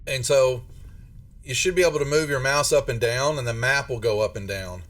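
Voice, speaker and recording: A man's voice: medium pitch, normal speed, a bit bright. A man narrating a tabletop game as game master, rambling with many restarts. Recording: distant mic with faint music.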